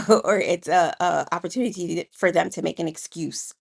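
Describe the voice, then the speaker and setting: A woman in her thirties, co-hosting a casual talk about parenting, chatty and animated, with frequent laughs and slangy asides. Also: on the low side, normal speed, vocal fry. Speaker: podcast co-host, parent. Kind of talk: casual conversation.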